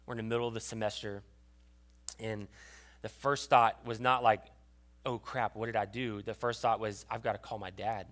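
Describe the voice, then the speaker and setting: A young adult man giving a sermon as pastor, telling a personal story with emotion and often dropping to a hushed voice. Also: lowish voice, little pitch movement, moderate pace. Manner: storytelling, emotional, drops to a hushed voice at tender moments.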